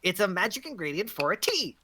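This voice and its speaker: A woman's voice: mid-range voice, very animated, fairly quick, sharp tone, slightly rough, pitched above the performer's own voice, heavily acted. Woman putting on a sly old hag. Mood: evasive. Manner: grumbling, wheedling old voice with sighs. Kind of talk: tabletop role-play character voice.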